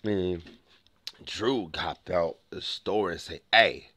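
A man's voice: sits low, fairly even intonation, takes it slowly, a little hiss or hum. A young man vlogging, telling a rambling personal story full of restarts and acted-out dialogue. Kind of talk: casual storytelling to camera.

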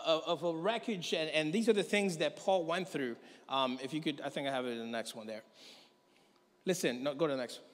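A man with a high-pitched voice preaches to his congregation, retelling a story with lively energy and acting out its characters. His voice rings out with a long reverb from the church hall. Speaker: pastor. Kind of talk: sermon.

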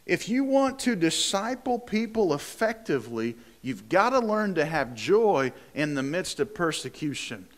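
A man's voice: on the high side, very animated, measured pace, hardly any pauses. A male pastor preaching a sermon in a conversational way, often repeating words and asking rhetorical questions.

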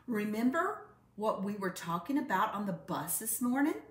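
Woman doing an eager storybook boy cub, protesting, lively up-and-down voice, roomy echo. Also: medium pitch, normal speed.

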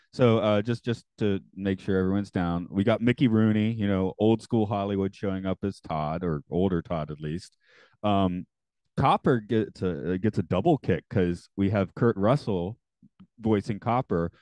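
A man co-hosting a podcast, chatting casually and halting with frequent restarts. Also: on the low side, mellow, dry recording. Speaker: podcast co-host. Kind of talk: casual chat.

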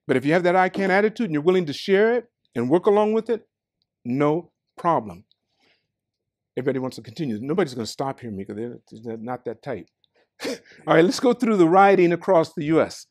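Animated older American man telling stories. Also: fairly high pitch, brisk. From United States. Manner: lively, swings from quiet asides to loud outbursts, laughs often. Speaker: company staff talk speaker. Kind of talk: animated storytelling talk. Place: meeting room with staff.

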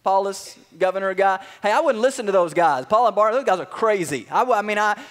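A man voicing a scheming, jealous false prophet in a sermon story, quick and dismissive. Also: sits high, animated, a bit bright.

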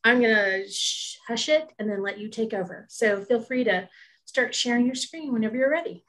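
A woman with a fairly high voice hosts a group session over a video call. She talks in a chatty, eager way and often restarts her sentences as she introduces a guest. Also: moderate pace, fairly bright tone. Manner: chatty, enthusiastic, with many restarts. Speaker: host of a photography group talk.

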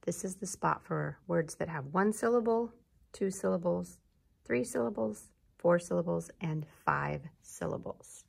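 A woman teacher giving a gentle, encouraging lesson to young children, clapping out syllables. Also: on the low side, gravelly, breathy edge.

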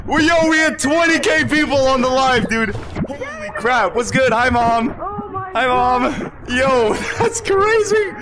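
A man streaming a VR game, commentating loudly, shouting and laughing as he plays, a bit out of breath. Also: very high voice, steady tone, measured pace, background noise. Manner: hyped, shouting and laughing while playing. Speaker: gaming livestreamer. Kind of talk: excited livestream commentary.

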